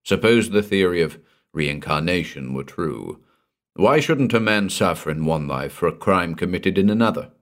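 Audiobook role: a man voicing a haunted young husband, low and muttering, wide swings in pitch. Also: lively intonation, normal speed. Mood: haunted, subdued. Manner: low, subdued, muttering delivery. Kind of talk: audiobook reading.

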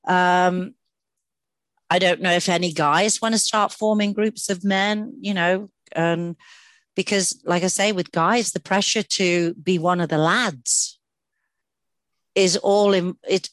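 On a casual podcast, a woman co-host with a fairly low, steady voice speaks slowly and earnestly. Her chatty delivery is full of fillers and restarts, and there's no room sound.

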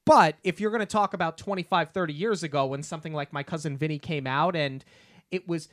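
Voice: mid-range voice, brisk, no room sound, studio quality. A co-host from New York in a casual review chat, opinionated and argumentative, with many fillers and restarts. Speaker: podcast co-host.

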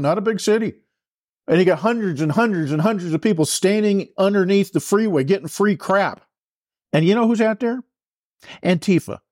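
Male commentator, impassioned and repetitive, slightly raised pitch, dry booth. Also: darkish tone, no echo. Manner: fervent, repetitive, preacher-like cadence. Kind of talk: impassioned political monologue.

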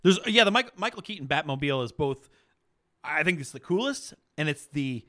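A man co-hosting a casual movie podcast, animated, laughing often and restarting his sentences. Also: fairly high pitch, a little fast. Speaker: podcast co-host.

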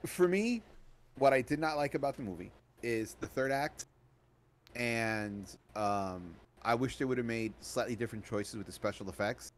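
A man's voice: medium pitch, normal speed, a little hiss or hum. A man co-hosting a podcast, chatting casually about a film with lots of restarts and fillers. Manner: rambling, many restarts and fillers. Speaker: podcast co-host. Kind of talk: casual movie review chat.

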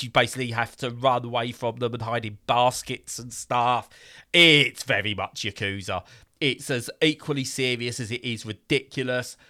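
A man's voice: medium pitch, pushed and bright. A man casually reviewing a game in a podcast chat, rambling with fillers and bursts of exasperation.

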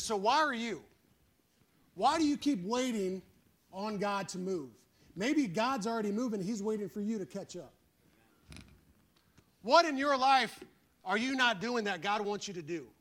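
A man preaching with fervor and folksy plain speech. His voice sits unusually high and rings out bright and forceful. He drives his points home and calls on the room for agreement. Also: expressive, unhurried, long pauses. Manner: fervent, emphatic preaching with calls for "Amen"; folksy, plain-spoken storytelling. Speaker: pastor. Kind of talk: sermon.

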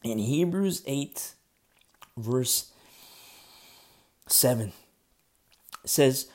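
A man preaching a sermon as pastor, conversational, swinging between loud emphasis and quiet asides. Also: mid-range voice, expressive, very slow, pauses often.

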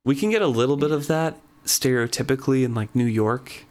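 A man co-hosting a podcast, relaxed and matter-of-fact as he explains things. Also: medium pitch, brisk. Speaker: podcast co-host. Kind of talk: casual chat.

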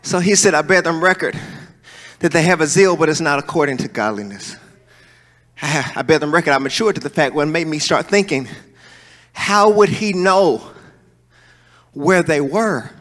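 A male preacher, preaching a sermon and swinging between soaring calls and low, joking asides. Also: moderate pace, long pauses, fairly bright tone. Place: church hall. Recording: long hall reverb.

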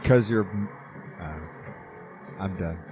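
A man co-hosting a podcast, chatting casually and swearing while playing a video game, excitedly hyping up his teammate. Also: low voice, slow, over music. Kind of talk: casual gaming chat.

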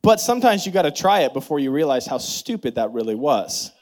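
Lively pastor telling a family story. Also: male voice, a little fast. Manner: animated storytelling with big pitch swings and laughter; leads congregation in prayer and call-and-response. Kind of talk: sermon.

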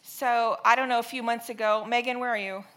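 Bright-voiced woman preaching a sermon. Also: a little high, fairly quick. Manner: storytelling with animated, exaggerated re-enactments.

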